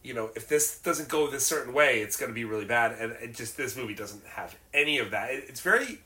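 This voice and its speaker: A man co-hosting a podcast in casual chat, talking in halting bursts with frequent restarts. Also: mid-range voice, poor audio. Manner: halting, restarts often, animated. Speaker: podcast co-host.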